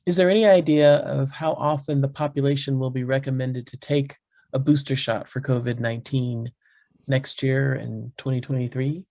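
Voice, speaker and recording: A man's voice: medium pitch, fairly even intonation, normal speed, darkish tone. A man moderating a webinar, thanking the guest and reading audience questions. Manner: reads out questions plainly.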